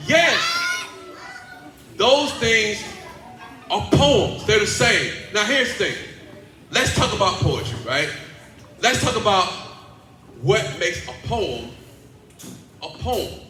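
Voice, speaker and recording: A man with a high, bright voice works a children's assembly in a large school hall. He is playful and animated and keeps coaxing the kids into call-and-response. The sound bounces around an echoey room with a faint hum underneath. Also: slow pace, long pauses. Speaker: motivational speaker and teaching artist.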